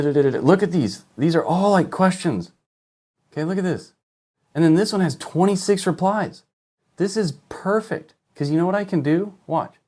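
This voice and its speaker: A man's voice: medium pitch, vocal fry, a little mellow. Emphatic man coaching with rhetorical questions. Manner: emphatic, rhetorical questions, frequent "okay?" and "look at this". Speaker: online business coach. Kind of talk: live-streamed marketing lesson.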